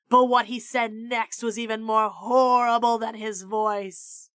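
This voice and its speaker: A woman streamer reading a children's book aloud in an expressive storytelling voice, jumping into high character voices. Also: slow pace, few pauses, smooth, dry recording.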